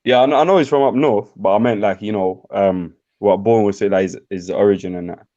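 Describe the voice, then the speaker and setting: A man's voice: lowish voice, brisk, dark tone. Slangy Birmingham man on a muffled stream. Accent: Birmingham English. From England. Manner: laid-back, slangy, laughs often. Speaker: live stream host. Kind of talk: casual chat on a live stream.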